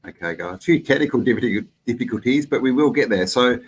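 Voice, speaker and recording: A man's voice: medium pitch, animated, quick pace, breathy edge, low-quality recording. A man with an Australian accent hosts a casual live stream, talking in a loose, rambling way and greeting viewers in the chat by name.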